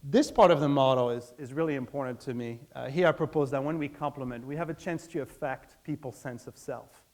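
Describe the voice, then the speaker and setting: A man's voice: mid-range voice, brisk. A man giving a public talk on stage, asking the audience questions and acting out everyday dialogue. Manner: animated, acts out everyday dialogue in quotes; asks the audience direct questions.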